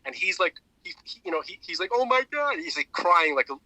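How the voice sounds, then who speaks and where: A man with a very bright, keen-edged voice talks in a casual podcast chat. He rambles in an animated way and restarts his sentences often. The sound is close and dry, with no room around it. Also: fairly high pitch, quick pace, no room sound, low-quality recording. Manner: rambling, animated retelling with many restarts and fillers. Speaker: podcast co-host.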